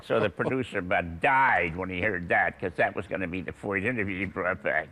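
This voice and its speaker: A man in his eighties, a veteran racing broadcaster, telling anecdotes in an unhurried, chuckling way. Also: deep voice, bright, forceful tone, slight background noise. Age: 80s. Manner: unhurried, chuckling raconteur with fillers. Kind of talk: anecdotal storytelling.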